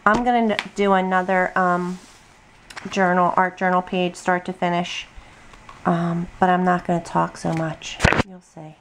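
A woman's voice: fairly low pitch, level tone, a little slow, noisy background. A tired, chatty middle-aged woman rambling through a casual drawing tutorial at her home desk, full of ums and asides. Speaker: craft video host. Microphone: camera on tripod at desk.

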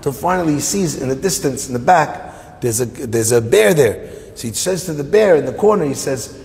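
A man, a rabbi, telling a long joke in a sermon, animated and laughing along with his own story. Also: a little high, normal speed, creaky. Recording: long hall reverb.

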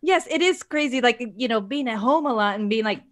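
A woman's voice: on the high side, expressive, brisk. A woman hosting a casual chat, playful and joking, laughing at herself. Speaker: host.

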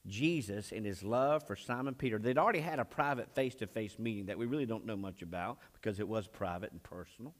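A male pastor preaching a sermon, his voice rising high and falling low as he retells a scripture story. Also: fast, hardly any pauses. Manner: expressive preaching, voice rising and dropping sharply while retelling scripture; married.

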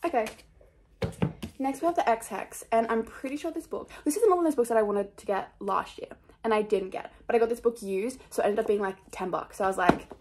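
Rambling young woman, slightly high voice. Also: quick pace, darkish tone, slight background noise. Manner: rambling, scattered, self-mocking, many fillers. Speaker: book vlogger. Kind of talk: casual chat.

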